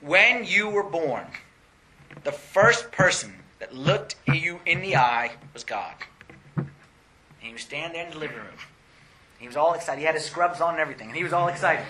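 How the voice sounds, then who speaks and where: Young male preacher, high and very bright voice, animated and laughing often. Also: normal speed, a little hiss or hum. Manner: animated, laughing often, rising to excited pitch. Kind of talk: sermon.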